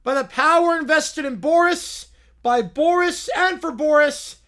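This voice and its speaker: A man's voice: very high-pitched, measured pace, pushed and bright, voice pushed up, exaggerated voice. A man doing a pompous, proclaiming officiant. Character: grandiose male wedding officiant.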